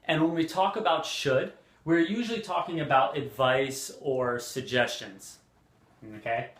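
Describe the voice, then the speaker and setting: A man teaching an English lesson, speaking deliberately and repeating example phrases, with frequent fillers. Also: fairly high pitch, fairly bright tone, reverberant. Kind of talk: slow, clear language lesson.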